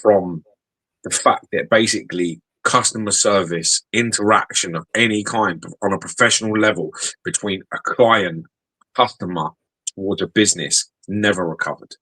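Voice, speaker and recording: A middle-aged man co-hosting a podcast, ranting and telling stories in a sweary, animated way. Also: deep voice, normal speed, breathy edge, no echo, poor audio. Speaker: podcast co-host. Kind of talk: casual chat.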